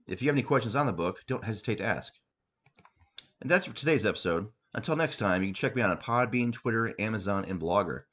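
A man hosting a podcast, reading his own comic story aloud with wry, deadpan narration. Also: fairly low pitch, quick pace, few pauses. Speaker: podcast host and author.

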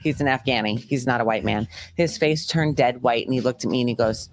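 A woman telling a story in casual podcast chat, lively and quick to swear. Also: a bass voice, a little hiss or hum.

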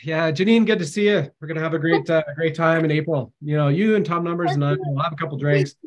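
Cheery Irish pub-goer put on by a male host, raised pitch, boisterous. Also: fairly even intonation, fast, highs cut off, close to an everyday voice. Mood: jovial. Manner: hearty, boisterous greeting. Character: jovial Irish-accented man back from the pub.

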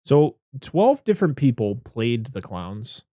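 A man's voice: medium pitch, big pitch swings, slow, mellow, no echo, studio quality. A man co-hosting a casual movie commentary podcast, retelling scenes with acted-out quotes and laughter. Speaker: podcast co-host.

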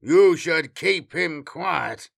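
A man voicing a scornful warrior soldier who talks slowly and disdainfully. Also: mid-range voice, sing-song, gravelly, sharp tone, heavily acted.

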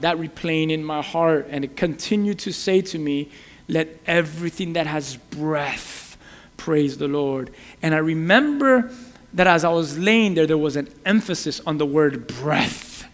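A man's voice: high-pitched, a bit bright, long reverb tail. A man preaching an earnest sermon, often repeating and restarting his words. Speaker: pastor.

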